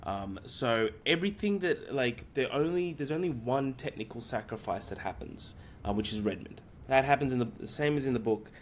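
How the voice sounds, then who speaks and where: A man's voice: mid-range voice, expressive, normal speed, hardly any pauses, a little hiss or hum. A man co-hosting a casual film podcast, retelling a story at length with lots of fillers and casual swearing. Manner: rambling plot retelling with many fillers. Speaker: podcast co-host.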